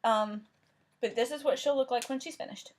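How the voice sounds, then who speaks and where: A woman's voice: a little high, normal speed. A woman host casually showing her craft projects, thinking aloud with small restarts. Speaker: crafting vlogger. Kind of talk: casual show-and-tell chat.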